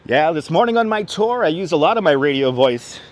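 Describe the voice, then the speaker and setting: A man's voice: on the high side, lively intonation, a little fast. A man hosting a live stream as he walks through city streets, chatting and greeting viewers by name while reading the chat aloud. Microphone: wireless clip-on mic. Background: faint street and traffic noise.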